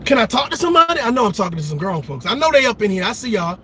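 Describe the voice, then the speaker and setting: Man hosting a fiery commentary rant, very high voice, hammers his points with repetition. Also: sing-song, racing, a bit bright, slight background noise. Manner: emphatic, repetitive, calls out to listeners. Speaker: show host. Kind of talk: impassioned commentary monologue.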